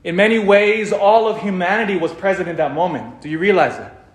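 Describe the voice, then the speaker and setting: A man preaching a sermon and telling the story dramatically, dropping to a hush and then rising loud. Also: high voice, fairly quick. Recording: echoey room.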